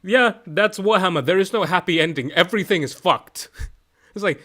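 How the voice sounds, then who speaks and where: A young man streaming from home, chatting casually, excitable and rambling, swearing often and restarting his sentences. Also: sits high, moderate pace. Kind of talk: casual chat.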